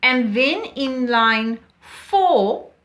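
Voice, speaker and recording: A woman teaching a poetry lesson, talking slowly and deliberately and reading lines aloud with emphasis. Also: high voice, expressive, fairly bright tone.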